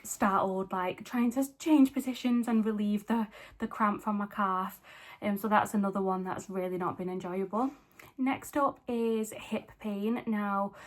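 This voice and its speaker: A young woman, talking casually to camera in a vlog. She is chatty and candid, with frequent fillers, and she is pregnant and short of breath. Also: mid-range voice. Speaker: fitness vlogger.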